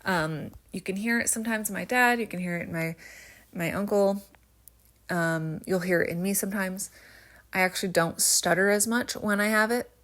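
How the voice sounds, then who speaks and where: A woman's voice: mid-range voice, moderate pace, a bit bright. A woman chatting casually as she tells stories on her craft stream, rambling with many fillers and a slight stutter, a faint rural American twang surfacing now and then. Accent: slight rural American twang at times. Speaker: vlogger. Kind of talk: casual storytelling while crafting.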